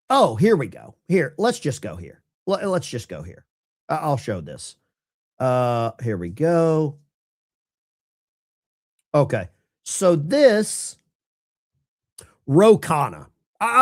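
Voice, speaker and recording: A man hosting a live stream of political commentary, talking to his chat viewers in a sarcastic, rambling way with many restarts. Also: on the high side. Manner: addresses chat viewers directly. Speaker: political commentary livestream host.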